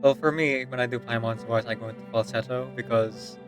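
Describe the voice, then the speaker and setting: A man's voice: mid-range voice, fairly even intonation, a little fast. A man with a mid-range voice, co-hosting a voice-acting stream and narrating between the scenes. He laughs easily and keeps an encouraging tone, with faint music under him. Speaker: voice actor and narrator. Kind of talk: casual stream chat and scripted narration.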